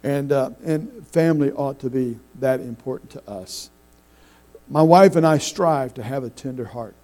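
Folksy preacher, mellow voice. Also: male voice, medium pitch, rough recording. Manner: folksy storytelling, halting restarts. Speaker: pastor. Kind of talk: sermon.

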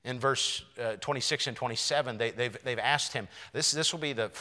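A man's voice: medium pitch, fairly quick, pushed and bright. A man preaching a sermon, earnest and often repeating words as he searches for the next one. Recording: long reverb of a large hall.

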